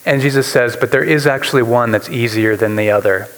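Animated male preacher in a reverberant hall. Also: medium pitch, a little fast, few pauses. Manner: animated, voices quoted speakers, repeats words. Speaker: pastor. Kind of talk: sermon.

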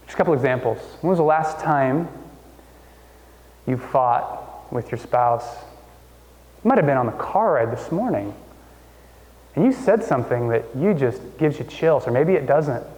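A man's voice: normal speed, pauses often. Man preaching in a reverberant church. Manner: conversational, animated storytelling with sudden pitch jumps. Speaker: pastor. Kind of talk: sermon. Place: church hall. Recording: long hall reverb.

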